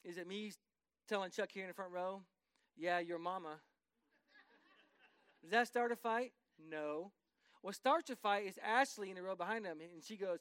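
High-voiced, emphatic male preacher. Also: normal speed, a bit bright, clear, resonant tone, no room sound. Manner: preaching with rising emphatic bursts and asides to the congregation. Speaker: pastor. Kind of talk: sermon.

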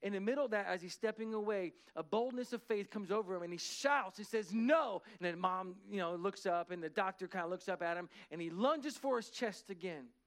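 High-voiced man preaching a story. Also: fast talker, few pauses. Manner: dramatic retelling, swings from hushed to loud. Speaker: pastor. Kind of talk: sermon storytelling.

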